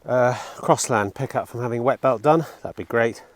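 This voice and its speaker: A man's voice: medium pitch, normal speed, no room sound. A middle-aged man with a cold, sounding a bit chesty, chatting casually to camera in a rambling, matter-of-fact way with restarts and the odd swear word. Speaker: used car dealer vlogger. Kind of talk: casual vlog chat to camera.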